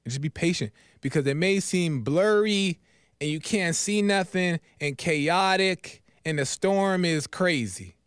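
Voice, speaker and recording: A man's voice: high-pitched, slow pace, smooth, no echo, clean studio sound. A man hosting a live call-in faith talk show, preachy and encouraging, repeating his key phrases. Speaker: host.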